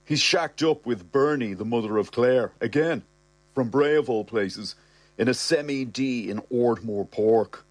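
A man's voice: mid-range voice, a little slow, no echo. Cocky man narrating a comic tale. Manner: cocky, sardonic, wisecracking. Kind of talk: comic first-person audiobook reading.

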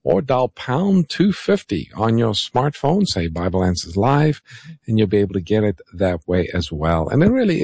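A man co-hosting a radio Bible call-in show, gently explaining scripture and taking callers. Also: mid-range voice, creaky, slightly rough, no room sound, clean studio sound. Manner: gentle, explanatory, reads phone numbers slowly. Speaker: radio co-host pastor.

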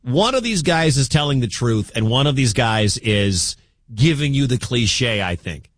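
A man's voice: medium pitch, animated, unhurried, fairly bright tone, no room sound. A man hosting a sports talk radio show, giving opinionated commentary and talking straight to his listeners in an argumentative way.

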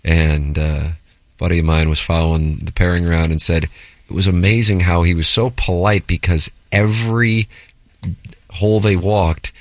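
Sports radio host, man, very deep voice, dry studio sound, easygoing storyteller. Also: steady tone, moderate pace, dry recording. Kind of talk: casual sports radio banter.

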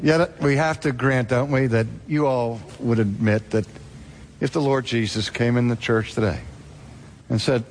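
A man's voice: medium pitch, steady tone, unhurried, pauses often, slight background noise. Dramatic man preaching a sermon. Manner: dramatic storytelling, rhetorical questions.

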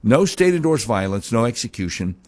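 Guy hosting a talk show, sarcastic and heated, asks mocking questions, mid-pitched voice. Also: very animated, fairly quick, a little mellow. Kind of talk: sarcastic opinion monologue.

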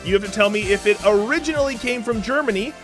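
A man's voice: high voice, fast talker, a bit bright, soft background music. A man co-hosting a radio show, running a quiz game in a playful, teasing way and laughing often.

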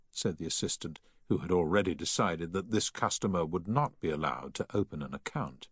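A man narrating a story in a measured, expressive reading. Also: deep voice, slightly rough, no room sound, clean studio sound. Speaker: audiobook reader.

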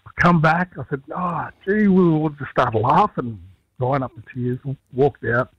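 A man's voice: medium pitch, moderate pace, husky, dry recording, lo-fi sound. A man, a musician guest telling a story in a radio interview and acting out what others said. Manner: animated storyteller, acts out others' lines.

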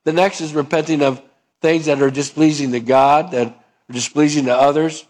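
Speaking at normal speed with a steady, darkish tone, a male pastor with a slightly high voice delivers a conversational sermon. He poses questions to his listeners and acts out short dialogues to make his points.

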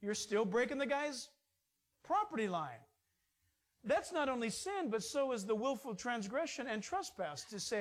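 A middle-aged man preaching a sermon as pastor, animated and emphatic, with rising emphasis. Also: extremely high pitch, a little slow.

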